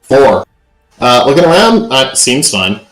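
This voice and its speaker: A man's voice: medium pitch, measured pace, faint music behind. A man running a tabletop game as game master, narrating loosely with frequent ums and uhs. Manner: relaxed, filler-heavy narration. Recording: echoey room.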